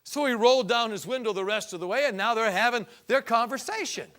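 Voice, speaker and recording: High-voiced man preaching a folksy testimony. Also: brisk, fairly bright tone. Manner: folksy, rising to fervent emphasis. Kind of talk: storytelling testimony sermon.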